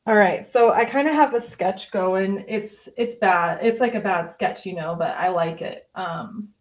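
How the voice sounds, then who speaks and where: A woman's voice: mid-range voice, measured pace. A woman chatting casually on a live stream while she paints, reading viewer comments and talking through her pastel work with many fillers. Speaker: host of an art live stream. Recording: slightly dull, lo-fi stream audio.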